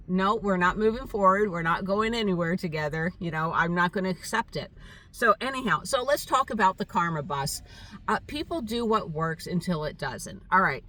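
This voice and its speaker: An older woman telling a rambling, halting story in a casual vlog monologue, with many fillers. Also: fairly low pitch, fairly bright tone, far from the mic. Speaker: vlogger. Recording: voice set back from the mic.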